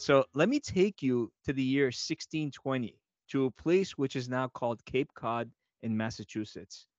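A man's voice: medium pitch, moderate pace, a little mellow, highs cut off, soft background music. A man co-hosting a podcast, laughing often as he presents a history segment. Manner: giggly, presents history bits. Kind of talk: casual comedic chat.

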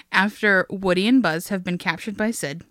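Chatting casually as a podcast co-host, she tells a story punctuated by plenty of laughs and free cursing. Her mid-range voice comes across pushed and bright, with studio-quality audio and no room sound.

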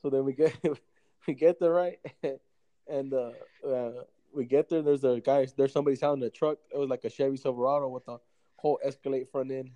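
A man's voice: mid-range voice, fairly even intonation, a little fast, mellow, no room sound. A young man telling rambling, profane stories in a casual podcast chat. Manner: rambling, profane, slangy storytelling. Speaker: storyteller.

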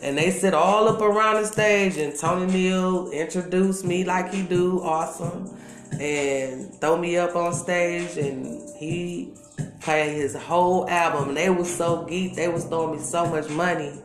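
A woman's voice: fairly low pitch, steady tone, a little slow. A middle-aged woman from Milwaukee, a former dancer giving an interview, telling stories in candid, slangy casual talk. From Milwaukee, Wisconsin. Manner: candid, slangy storytelling with frequent asides. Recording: echoey room with loud music behind.

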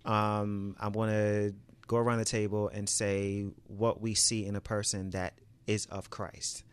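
Low-voiced male podcast host. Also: little pitch movement, a little slow, clean tone. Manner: upbeat, leads the table with filler ums. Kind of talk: casual round-table chat.

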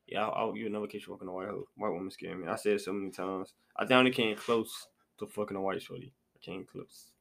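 A man's voice: deep voice, fairly even intonation, fast talker, gravelly, hardly any pauses, fairly bright tone. A young man hosting a casual podcast chat, loose and slangy, repeating his phrases as he goes. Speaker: podcast host.

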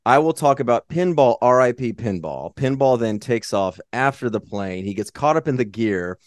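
Animated man recapping a movie. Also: mid-range voice, dry recording, studio quality. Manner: profane, excitable, quick asides, laughs a lot. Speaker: podcast co-host. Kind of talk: casual movie recap chat.

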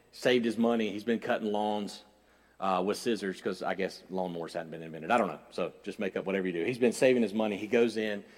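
A man preaching a sermon as pastor, moving between quiet storytelling and loud, raised passages. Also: fairly low pitch. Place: church sanctuary. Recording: long hall reverb.

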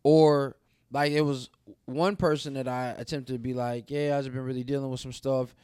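Podcast co-host, a man from the American South, candid and animated, mid-range voice, dry close mic. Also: mid-range voice, normal speed, clean tone, no room sound. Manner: candid, animated storyteller who acts out quoted dialogue. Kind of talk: casual chat.

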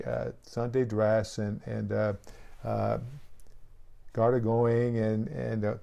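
A man's voice: fairly low pitch, creaky, mellow, muffled recording. A man who is a pastor, preaching a sermon with an earnest, pleading call and frequent restarts.

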